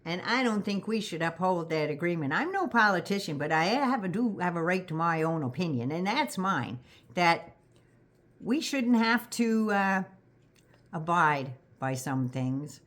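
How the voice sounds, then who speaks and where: An older Canadian woman with a Canadian accent giving a sarcastic, profane political rant straight to her viewers, scolding and rising into loud indignant bursts. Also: on the low side, animated, unhurried. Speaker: vlogger. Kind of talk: direct-address political rant.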